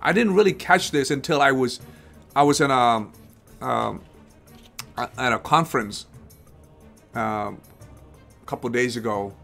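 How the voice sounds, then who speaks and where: A man's voice: mid-range voice, unhurried, vocal fry, pauses often, pushed and bright, faint music behind. Rambling man hosting a live stream. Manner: rambling, repeats and restarts phrases, acts out quoted people. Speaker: host of a live investing show. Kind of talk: casual live-stream talk.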